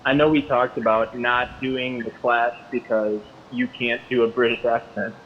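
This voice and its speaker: A man, the band's drummer, calling in as a guest and answering questions in a relaxed, deadpan way. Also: mid-range voice, normal speed. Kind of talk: casual chat. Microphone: call-in line. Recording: dull call audio with faint noise.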